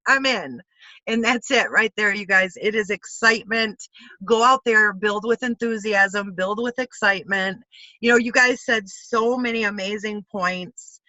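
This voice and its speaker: Woman host, bright and forceful; enthusiastic motivational call, dull dry lo-fi audio. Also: mid-range voice, normal speed, no room sound. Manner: enthusiastic, exclamatory, animated quoting. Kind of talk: upbeat motivational talk.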